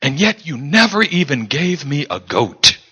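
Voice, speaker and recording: A man's voice: fairly high pitch, very animated, a little slow, sharp tone, slightly rough, big-room sound, exaggerated voice. A man voicing a sulky, resentful older brother who whines and sneers in a self-pitying way. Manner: whiny, sarcastic, self-pitying.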